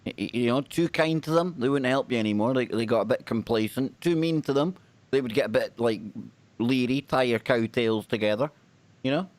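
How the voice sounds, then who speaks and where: A man with a British accent hosts a live paranormal stream, speaking fairly quickly in a medium pitch with no echo. He's lively, chatty and jokey, talking casually with his audience.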